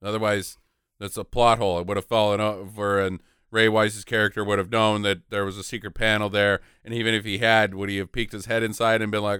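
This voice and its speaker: A man co-hosting a casual podcast, retelling a film's plot with lively mock voices. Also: on the low side, brisk, clean tone, dry recording, studio quality. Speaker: podcast co-host. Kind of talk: casual movie recap chat.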